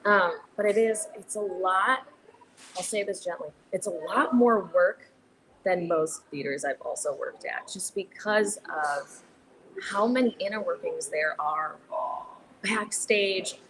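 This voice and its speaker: A woman's voice: fairly low pitch, measured pace. A young adult woman, a theater director, talking casually in a podcast interview with many fillers and restarts. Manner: chatty, many fillers and restarts, laughs easily. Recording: noticeable background noise.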